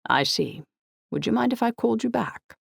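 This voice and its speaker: A woman voicing a formal, precise older man who speaks in clipped, measured sentences. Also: fairly high pitch, very animated, gravelly, slightly rough, no room sound, voice pushed up, full character voice. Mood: stern. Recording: dry close audiobook recording.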